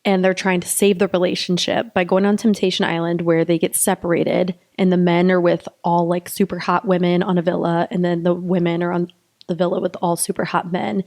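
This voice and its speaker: A woman's voice: fairly low pitch, level tone, a little fast, darkish tone. A young woman co-hosting a podcast, chatting casually with lots of fillers and giggles. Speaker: podcast co-host, pelvic physical therapist. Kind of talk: casual chat.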